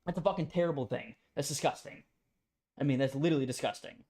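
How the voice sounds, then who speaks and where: A man's voice: mid-range voice, fast talker, a little mellow. A young man in a heated, profane casual rant as a streamer. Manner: profane, ranting, emphatic.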